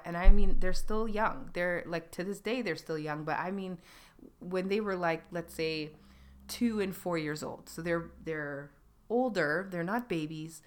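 A woman in her thirties hosting a podcast, telling her personal story in a halting, reflective way with many pauses and restarts. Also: medium pitch. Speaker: podcast host.

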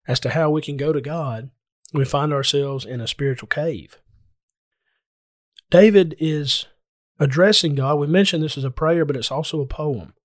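Preacher, male, slightly higher voice, earnest and explanatory, talks straight to listeners, dry recording. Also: no room sound. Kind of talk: sermon.

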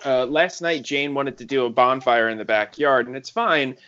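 A man's voice: mid-range voice, normal speed, over a noisy crowd. A man telling casual, loose anecdotes to friends on a call, swearing freely. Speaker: podcast co-host. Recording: muffled lo-fi call audio.

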